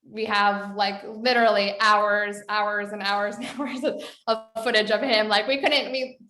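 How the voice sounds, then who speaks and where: A woman's voice: medium pitch, steady tone, measured pace, bright, forceful tone, echoey room. A woman film director telling a story in a casual interview, chatty, with many fillers. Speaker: documentary director.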